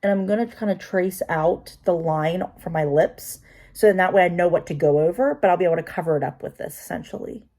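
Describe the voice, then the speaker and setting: A woman's voice: on the low side, fairly quick, a little mellow. A woman vlogging as she does her makeup, chatty and talking to herself with self-deprecating asides. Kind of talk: casual talk while doing makeup.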